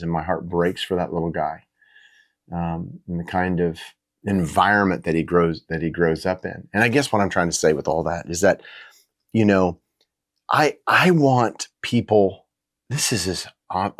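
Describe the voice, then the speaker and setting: A middle-aged man giving a casual, reflective faith talk, earnest and halting, with frequent restarts and fillers. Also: low-pitched, no room sound, studio quality. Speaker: Christian minister.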